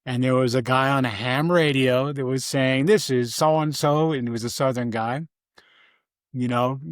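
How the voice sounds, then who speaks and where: Here an older man from Vermont tells life stories in a casual interview, halting and rambling with many restarts and fillers. He briefly mimics his mother in a high voice. The audio is dry, with a clean studio quality.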